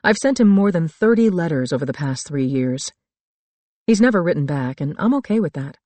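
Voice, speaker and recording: Middle-aged woman narrating a thriller, calm. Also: deep voice, fairly quick, dry recording. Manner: calm, reflective storytelling. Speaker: audiobook narrator. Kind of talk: first-person thriller audiobook narration. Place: dry studio booth.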